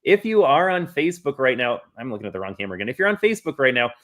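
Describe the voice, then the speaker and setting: A man's voice: mid-range voice, sing-song, very fast, a bit bright. A man hosting a live political stream speaks in a mid-range voice, blunt and emphatic. He trips over his words now and then, repeating "I" before pushing on. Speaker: podcast host.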